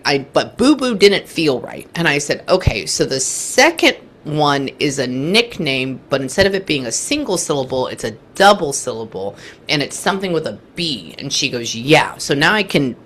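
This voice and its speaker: A woman in her thirties, appearing as a guest medium, speaks in a deep and slightly bright voice with a faint hiss or hum in the background. She's animatedly telling the story of a reading in conversation, acting out the remembered dialogue of both people.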